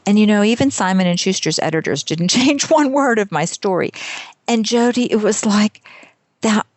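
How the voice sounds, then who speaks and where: A woman's voice: medium pitch, expressive, moderate pace, no room sound. A woman in her fifties, a guest author telling her story in a casual interview with a candid, self-deprecating manner.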